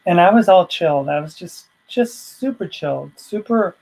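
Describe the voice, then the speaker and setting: A woman's voice: on the low side, animated, moderate pace, gravelly, a little mellow, rough recording. A woman vlogger telling a personal story in a casual, rambling way, full of asides.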